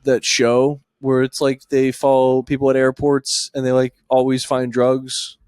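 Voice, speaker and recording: A man's voice: mid-range voice, completely flat delivery, unhurried, darkish tone, smooth, no room sound, clean studio sound. A man co-hosting a casual late-night podcast, telling rambling stories with lots of fillers. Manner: laid-back, rambling storyteller with frequent fillers. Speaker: podcast co-host.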